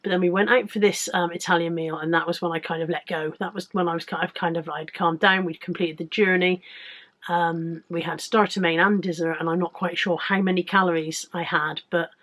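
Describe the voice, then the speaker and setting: Chatty, slightly croaky English woman. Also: on the low side, steady tone, brisk, a bit bright. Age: 40s. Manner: candid, chatty, rambling with restarts. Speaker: weight-loss vlogger. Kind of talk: casual chatty vlog.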